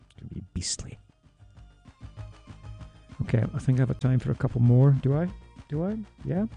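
A man with a deep, dark, fry-laden voice chats his way through song back-announcements like a small-station radio DJ. He jokes and asks himself questions as he goes. Faint music plays underneath him in the studio. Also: quick pace, highs cut off. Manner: chatty, jokey, talks to himself. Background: music playing underneath.

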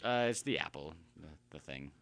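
A man's voice: rumbling low, animated, moderate pace, fairly bright tone, dry recording. A man co-hosting a radio show, rambling and joking in casual studio banter.

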